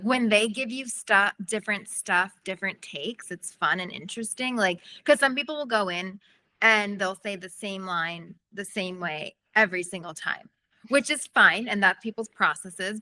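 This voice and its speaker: Bright-voiced chatty actress. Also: female voice, medium pitch, no room sound. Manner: chatty, laughs often, acts out her own thoughts. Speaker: actress, interview guest. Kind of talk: casual interview chat.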